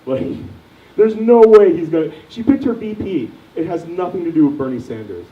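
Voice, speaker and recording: A man's voice: sits high, animated, moderate pace, recorded from a distance. A young man doing a crude, rambling stand-up set, quizzing the audience, recorded from afar in an echoey lo-fi room. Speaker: stand-up comedian.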